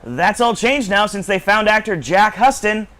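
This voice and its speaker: A man co-hosting a casual panel show, reading news with halting restarts. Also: sits high, fairly bright tone. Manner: halting, restarts mid-sentence.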